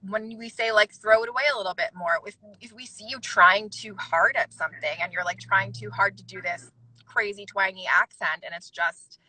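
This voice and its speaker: A woman's voice: medium pitch, pushed and bright, husky, low-quality recording. A woman casting director giving candid, emphatic advice in a casual livestream chat over a video call. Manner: candid, emphatic, fast-talking with asides.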